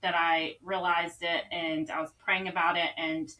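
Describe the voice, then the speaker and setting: A woman's voice: on the low side, flat delivery, normal speed, bright, forceful tone, rough recording. A woman co-hosting a faith talk show, sharing a personal testimony in an earnest, rambling way. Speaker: co-host. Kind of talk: casual faith conversation.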